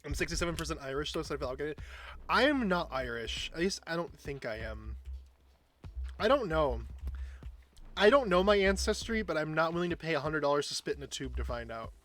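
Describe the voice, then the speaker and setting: A man's voice: on the high side, expressive, brisk, a bit bright. A man streamer chatting casually while he plays, rambling and self-deprecating. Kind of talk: casual chat while gaming.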